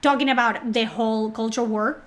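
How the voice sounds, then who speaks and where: Woman, streamer, fairly high voice, sarcastic, mocking, profane, sick. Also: fairly even intonation, moderate pace. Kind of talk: live stream chat reading.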